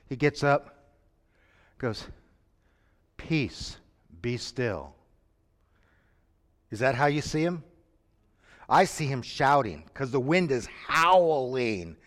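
A man preaching a sermon, moving between quiet lines and sudden shouts. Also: mid-range voice, animated, measured pace. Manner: dramatic, shifts from quiet to shouting. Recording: long reverb from a hall.

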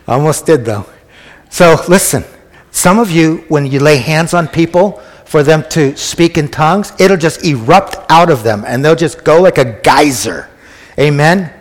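A man preaching a conversational sermon who often asks the congregation questions. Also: a little high. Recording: echoey hall.

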